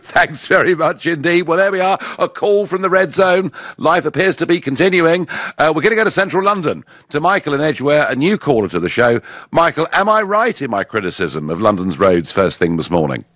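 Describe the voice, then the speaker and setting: Male radio host, jovial, lively pitch, dry close mic. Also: no echo. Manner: jovial, chuckling, quick to react. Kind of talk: radio phone-in hosting. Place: radio studio.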